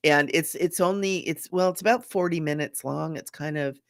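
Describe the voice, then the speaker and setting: A middle-aged woman, a psychic medium, chatting casually and gently during a live reading, repeating her phrases. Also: deep voice, moderate pace, dry recording, clean studio sound.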